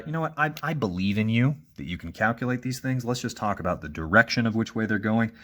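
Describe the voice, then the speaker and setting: Male physics teacher, low voice, casual recorded review walkthrough, thinks aloud. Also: fairly bright tone. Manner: casual, frequent "okay?" checks, thinking aloud.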